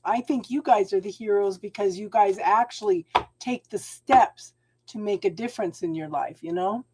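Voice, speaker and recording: A woman's voice: medium pitch, normal speed, a little hiss or hum. Motherly woman calling everyone hon. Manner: warm, encouraging, calls viewers hon. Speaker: tarot reader and channel host. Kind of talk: live-stream tarot reading and advice.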